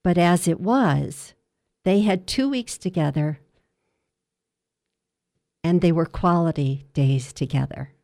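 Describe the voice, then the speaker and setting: This woman's voice is fairly low, creaky and dark as she tells a patient's story in an interview. A hospice dietitian, she narrates in an earnest, measured way.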